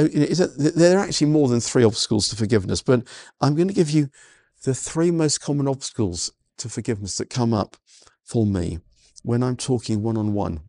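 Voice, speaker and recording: A man's voice: mid-range voice, a little mellow, no echo, studio quality. A man preaching a sermon, earnest and full of stammered restarts and "you know" fillers. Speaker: pastor.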